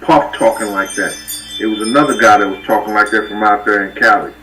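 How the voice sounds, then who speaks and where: A man telling rambling street stories and giving shout-outs to viewers on a casual livestream. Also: fairly low pitch, steady tone, a little fast, recorded from a distance, faint music behind, low-quality recording. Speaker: livestream host.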